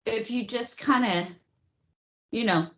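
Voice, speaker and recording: Bright, slow-talking woman podcast host. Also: fairly high pitch. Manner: profane, animated storytelling with mock voices. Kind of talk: casual comedic history chat.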